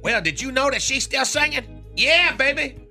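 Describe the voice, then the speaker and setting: Picture a cocky male radio character, as a man puts him on, talking in loose jive slang and inventing silly long words as he brags. His voice sits high and sounds sharp and bright. It swoops all over the place, and faint music plays behind him. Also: expressive, normal speed, vocal fry, heavily acted. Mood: swaggering. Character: brash boastful male radio character who coins fake words. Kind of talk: comedy radio bit.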